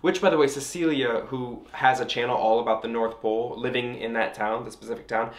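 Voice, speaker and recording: A man's voice: mid-range voice, fairly even intonation, fairly quick. Chatty, laughing young man vlogging. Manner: chatty, laughs often, playful asides. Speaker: travel vlogger. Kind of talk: casual vlog to camera.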